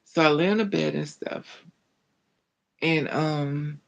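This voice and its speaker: A woman recounting a personal story in an animated, dramatic way, full of colloquial slang. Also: sits low, slow pace, creaky, low-quality recording. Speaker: storyteller vlogger.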